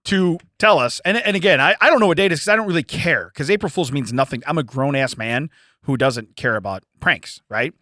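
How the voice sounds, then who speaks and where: A man co-hosting a casual podcast, telling an animated story and acting out both sides of the conversation. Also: fairly high pitch, fairly quick, no room sound, studio quality. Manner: animated, swerves into quoted dialogue, self-censors swearing. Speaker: podcast co-host.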